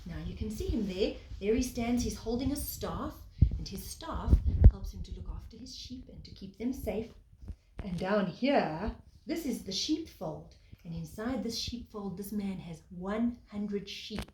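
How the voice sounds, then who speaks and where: A woman, a preschool teacher, telling a picture-book story to young children in a gentle, sing-song way, pausing to point at the pictures. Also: mid-range voice, lively intonation. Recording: echoey room, faint background noise.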